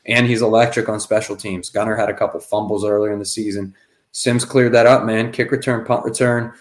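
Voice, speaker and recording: Man, low-ish voice, sports podcast co-host, confident rapid-fire picks. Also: little pitch movement. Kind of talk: casual sports podcast chat.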